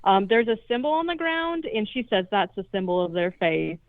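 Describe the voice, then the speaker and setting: A woman's voice: mid-range voice, big pitch swings, moderate pace, no room sound. A woman co-hosting a podcast, casually retelling a movie's plot and swearing as she goes. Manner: swearing, jokey retelling with quoted lines. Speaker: podcast co-host. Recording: dry tinny phone-like line.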